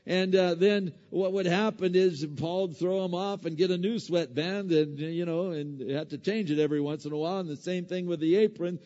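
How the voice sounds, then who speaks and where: Casual-talking pastor in an echoey hall. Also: male voice, sits high, steady tone, normal speed, few pauses, mellow. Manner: conversational, lots of fillers and restarts, jokey asides. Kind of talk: sermon. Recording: echoey hall, dull lo-fi sound.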